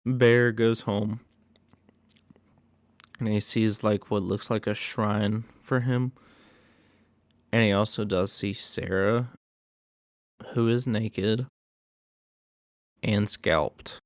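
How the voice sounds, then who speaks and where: A man's voice: fairly low pitch, very slow, long pauses, no room sound, studio quality. A man giving a casual, rambling, profane recap of a horror movie plot. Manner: rambling, profane, animated storytelling.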